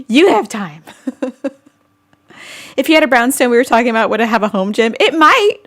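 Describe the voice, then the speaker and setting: A woman's voice: fairly high pitch, sing-song, a little fast, fairly bright tone. A young woman chatting casually on her vlog, answering viewer questions with lots of fillers, restarts and giggles. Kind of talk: casual chat.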